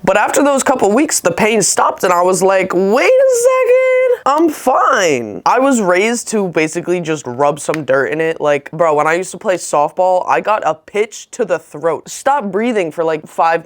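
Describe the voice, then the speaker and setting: A young adult woman telling a story in a casual vlog, chatty and blunt with some swearing, acting out what people said. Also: fairly low pitch. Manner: chatty, blunt and profane, acts out quoted people. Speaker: vlogger.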